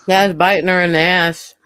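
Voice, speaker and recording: A woman co-hosting a casual chat, relaxed and quick to laugh. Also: fairly low pitch, a little hiss or hum. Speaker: co-host.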